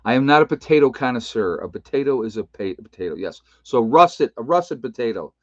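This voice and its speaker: A man's voice: medium pitch, animated, fast talker, no echo. Older guy rambling on his livestream, chuckling at himself, dry muffled sound. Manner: rambling, chuckling, self-teasing. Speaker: retired nurse streamer. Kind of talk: casual live stream chat. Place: indoor room with bookshelves.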